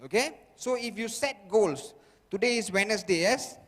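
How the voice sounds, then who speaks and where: Casting: emphatic sales trainer, man with a high voice, long hall echo. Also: animated, moderate pace. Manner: emphatic, repetitive, constant "okay?" checks with audience. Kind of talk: motivational seminar talk. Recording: echoey hall.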